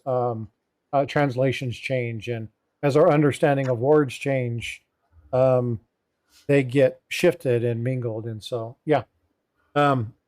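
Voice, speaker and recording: A man's voice: medium pitch, darkish tone, dry recording, studio quality. A middle-aged man hosting a casual livestream chat, rambling with many fillers and asides. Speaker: host.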